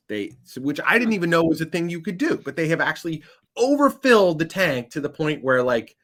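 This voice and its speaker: A man telling a long anecdote as a podcast guest, animated and building to loud punchlines. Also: fairly high pitch, brisk. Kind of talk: casual storytelling.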